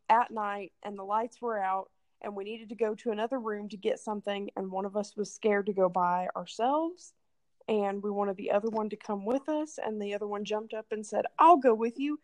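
A woman co-host chatting casually on a podcast, reading old quotes aloud and musing over them with wry amusement. Her voice sits at an ordinary middle pitch and sounds dry and close, with no room around it. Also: dry recording. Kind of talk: casual chat.

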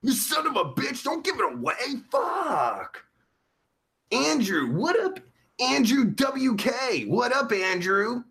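Casting: a man playing a crude, foul-mouthed streamer, high, bouncy voice, slow delivery. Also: very animated, gravelly, fairly bright tone, exaggerated voice. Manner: profane, crude, rambling. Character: crude vulgar man livestreamer, Pervert Pete. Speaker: livestream host. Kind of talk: live chat comedy stream.

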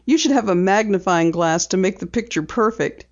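A woman reader voicing a lively, teasing teenage girl who pokes fun at her father, pitched clearly higher than her narration. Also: normal speed, muffled recording, natural voice. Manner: playful, teasing, eager.

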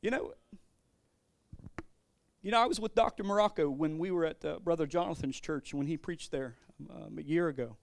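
A man preaching from the pulpit with a high-pitched voice, his delivery lurching between forceful proclamations and hushed, chatty storytelling. He often stumbles and restarts his phrases. The sound is close and dry. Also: normal speed, creaky, pauses often, dry recording. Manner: animated, swings between loud declarations and quiet storytelling, stammering restarts. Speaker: pastor. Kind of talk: sermon.

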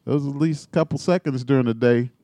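A man's voice: medium pitch, fast talker, dark tone, dry recording. A man co-hosting a casual chat show, reading posts aloud with joking asides. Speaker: podcast co-host.

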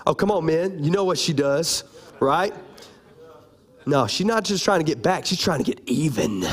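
A man preaching a sermon, animated and playful, calling out to his congregation. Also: a little high, normal speed, husky. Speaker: pastor.

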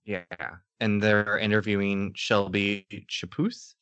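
A man's voice: fairly low pitch, flat delivery, slow, a bit bright, clean tone, no echo. A man co-hosting a podcast over a remote call, chatting casually and joking about a documentary, laughing often. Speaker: podcast co-host. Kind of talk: casual chat reviewing a documentary.

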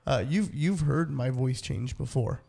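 A man's voice: mid-range voice, a little slow, creaky, darkish tone. A man co-hosting a casual chat, telling stories in a laid-back way, swearing and laughing often.

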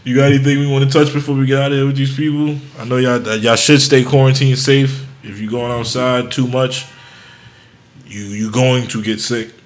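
A man's voice: mid-range voice, moderate pace, roomy sound. A man hosting a podcast, telling rowdy stories in casual chat, acting out quotes and laughing often. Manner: loud animated storytelling, acts out quotes, laughs often. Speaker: podcast host.

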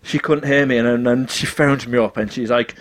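A man's voice: mid-range voice, steady tone, fairly quick. A man hosting a podcast, telling a long anecdote in casual chat, laughing often and acting out the voices in his story. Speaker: podcast host.

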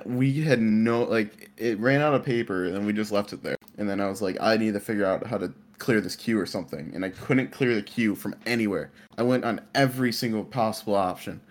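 A man with a low-pitched voice tells a rambling workplace story among friends. He leans on fillers and restarts as he goes, keeping it casual. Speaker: IT worker. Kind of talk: casual chat.

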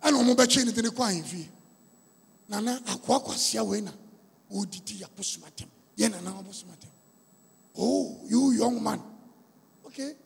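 A Ghanaian man preaches in a very husky, gravelly voice that sits unusually high for a man. He leans on a repetitive, emphatic cadence, and his voice rings with the long reverb of a large hall. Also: moderate pace, pauses often. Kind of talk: storytelling sermon.

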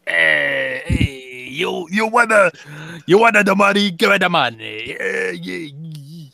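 A man voicing a greedy, pushy alien junk dealer who haggles gruffly. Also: high-pitched, lively intonation, slow pace, pushed and bright, pitched above the performer's own voice, exaggerated voice. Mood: haggling.

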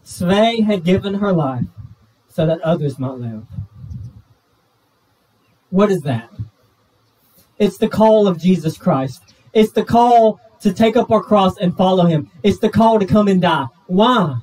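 A male pastor with a Southern US accent, telling a story in a sermon, earnest and slowing down, dropping low at the emotional moments. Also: animated, darkish tone. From Georgia, US. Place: church sanctuary. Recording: voice from a distance off the pulpit mic.

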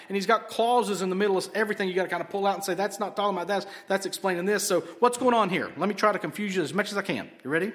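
An animated male pastor teaches through a passage line by line. His voice sits a little high for a man. He asks rhetorical questions and slips in jokes. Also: racing, hardly any pauses. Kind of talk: expository sermon.

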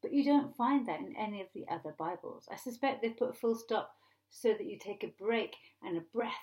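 A woman pastor preaching a sermon in a conversational, animated way, retelling scripture like a story. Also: medium pitch, brisk.

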